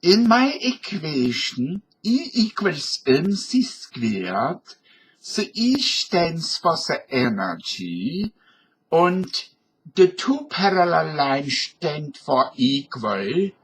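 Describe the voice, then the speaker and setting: A patient old German professor of physics, as a man puts him on, speaking slow, deliberate German-accented English. The voice sits fairly high with a husky grain, and it comes through a home webcam mic. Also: big pitch swings, exaggerated voice, low-quality recording. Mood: patiently explaining.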